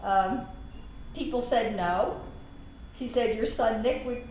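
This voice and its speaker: A middle-aged woman, a podcast host and realtor, telling a story in an animated, laughing way. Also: on the high side, takes it slowly. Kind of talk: storytelling in casual chat. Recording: echoey room with faint background noise.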